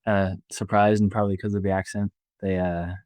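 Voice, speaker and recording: A man in his twenties with a Belfast accent, talking casually as an interview guest, relaxed and halting with many fillers. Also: low-pitched, no echo. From Northern Ireland. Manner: easygoing, halting, lots of fillers and restarts. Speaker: basketball player guest.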